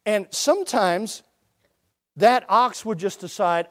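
Male preacher, high-pitched, folksy storytelling with loud outbursts and hushed asides. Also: animated, takes it slowly. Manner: folksy storytelling, swings between loud bursts and quiet asides. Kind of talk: sermon.

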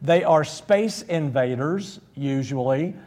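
Man, preacher, sermon, folksy and conversational, jokey one-liners, slightly high voice. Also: slow, darkish tone. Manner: frequent fillers and restarts.

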